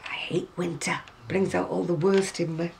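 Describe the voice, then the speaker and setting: A woman's voice: fairly low pitch, fairly even intonation, moderate pace, gravelly, background noise. A British woman chatting casually at home while showing crochet magazines, rambling with wry asides. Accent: British English. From Britain. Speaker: crochet vlogger.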